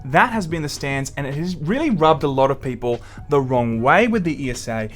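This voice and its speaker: An Australian man hosting a gaming news show in a lively voice that leaps up and down in pitch. He sits a little high for a man and talks bluntly, with plenty of scorn for his targets. Soft music runs under him. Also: brisk. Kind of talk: opinionated news commentary.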